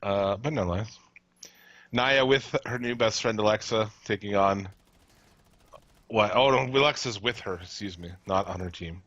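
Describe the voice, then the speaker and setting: A man's voice: on the low side, measured pace, fairly bright tone, no echo, highs cut off. A man co-hosting a live podcast in casual chat, blunt and profane, often laughing as he rants. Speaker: podcast co-host.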